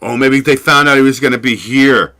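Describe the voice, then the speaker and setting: A man's voice: mid-range voice, a little fast, pushed and bright. A man hosting his own show, chatting casually and rambling, swearing freely and laughing often. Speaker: show host. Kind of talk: casual solo livestream chat.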